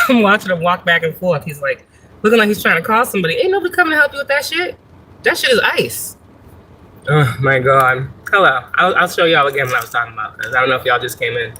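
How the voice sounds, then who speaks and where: A woman chats on a phone-camera livestream from her parked car in a snowy lot. Her voice is bright and forceful, and she swears freely and laughs often as she rambles through a story. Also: deep voice, slight background noise, poor audio. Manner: profane, laughing, chatty storytelling. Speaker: spiritual reader and livestream host. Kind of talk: casual livestream chat.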